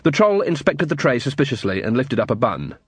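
Male audiobook narrator, lively pitch, husky, dry booth sound. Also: brisk, dry recording. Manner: animated storytelling with many character voices.

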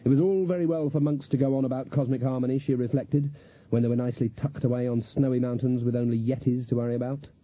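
A man giving a dry, measured scripted audiobook narration on a slightly dull lo-fi recording. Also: medium pitch, steady tone, dry recording.

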